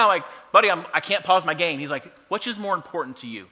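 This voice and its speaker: A man's voice: on the high side, fast, pushed and bright. A man in his thirties telling a funny family story from the stage, playful and self-mocking. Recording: long hall reverb.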